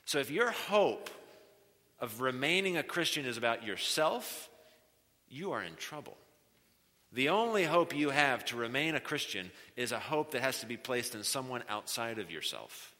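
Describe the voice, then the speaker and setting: A man's voice: mid-range voice, pushed and bright. Earnest preaching man in a reverberant hall. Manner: earnest, emphatic, with repeated phrases and shifting pace. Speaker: guest preacher. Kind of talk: sermon. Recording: long reverb of a large hall.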